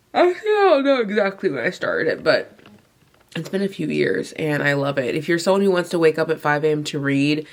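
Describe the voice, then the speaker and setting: A young woman vlogging casually from bed early in the morning, sleepy and yawning, with a runny nose, talking in a chatty way full of "like"s. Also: low voice. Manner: chatty, filler-heavy, many "like"s and restarts. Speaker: book vlogger. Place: bedroom, lying in bed.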